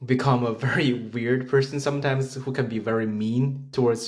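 A man's voice: mid-range voice, steady tone, darkish tone. A man from China whose first language is Chinese, hosting a casual podcast chat with teasing remarks and frequent restarts. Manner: teasing, halting with many restarts. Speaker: podcast host.

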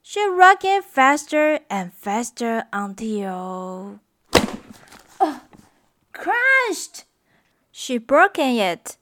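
A woman reading a children's story aloud in a slow, expressive, singsong way. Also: fairly high pitch.

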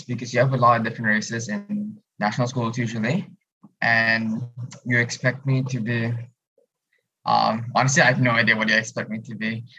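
A man, a student in a casual podcast discussion, thoughtful and pausing often with "um". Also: mid-range voice, sharp tone, muffled recording. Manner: thoughtful, many "um" pauses.

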